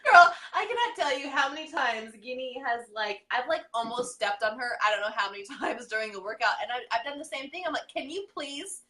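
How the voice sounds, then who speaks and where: A woman's voice: high-pitched, expressive, brisk, hardly any pauses, sharp tone, roomy sound. A woman co-hosting a podcast from home over a live video call, giggly and casually profane. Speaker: podcast co-host. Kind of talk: casual chat.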